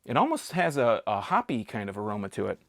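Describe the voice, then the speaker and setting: A man's voice: on the low side, big pitch swings, fast talker, vocal fry, a bit bright, no echo, clean studio sound. A man reviewing a beer in a casual vlog, chatty and jokey, rambling with frequent restarts.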